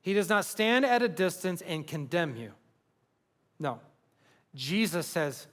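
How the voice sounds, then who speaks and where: A man's voice: fairly high pitch, unhurried, a bit bright, big-room sound. A man preaching a sermon as pastor, earnest and building to passionate emphasis. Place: large church hall.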